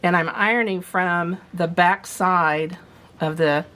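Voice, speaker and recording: A woman's voice: on the low side, fairly even intonation, slow, a bit bright. A woman giving a casual sewing demonstration, chatting as she explains each step while she handles the materials. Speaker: sewing instructor.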